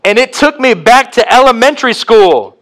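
A pastor preaching a communion sermon, swinging from hushed to emphatic. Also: male voice, extremely high pitch, animated, normal speed, some chatter behind.

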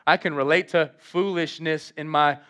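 A male pastor preaching an animated, conversational sermon in a church, acting out quotes from scripture. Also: a little high, moderate pace. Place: church in Las Vegas.

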